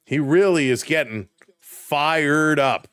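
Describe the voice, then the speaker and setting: A man doing live play-by-play commentary for a stream, calling plays quickly and chatting with viewers in between. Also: a little high, smooth, no room sound. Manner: rapid play calls, rising excitement on big plays, chatting with viewers.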